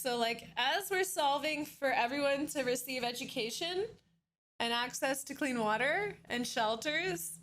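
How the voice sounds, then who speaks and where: A woman's voice: high-pitched, animated, a little slow, fairly bright tone, a little hiss or hum. A woman streamer chatting casually on a live stream, bubbly and giggly as she greets her chat by name. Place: at home at her computer.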